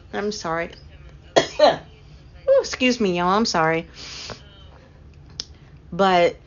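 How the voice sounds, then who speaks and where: A woman's voice: medium pitch, animated, drawn-out words, pauses often. Chatty woman on a stream. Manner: chatty, laughs often, talks to chat. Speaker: livestream host. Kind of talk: casual live-stream chat. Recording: dull lo-fi stream audio.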